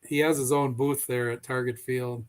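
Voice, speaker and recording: A man's voice: medium pitch, little pitch movement, normal speed. Friendly man telling stories. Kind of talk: casual chat, storytelling.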